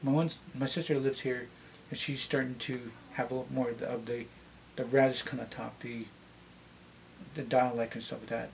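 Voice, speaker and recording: A middle-aged man with a Canadian accent and a slightly deep voice, chatting casually to camera and rambling with many restarts. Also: level tone, moderate pace, vocal fry, a little hiss or hum. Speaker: vlogger.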